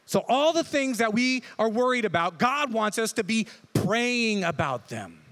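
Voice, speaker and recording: A man's voice: very high-pitched, sing-song, a little slow, a bit bright. A man preaching a casual, joking sermon, often asking his listeners "right?" as he goes. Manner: conversational, jokey, asks the crowd "right?". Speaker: pastor.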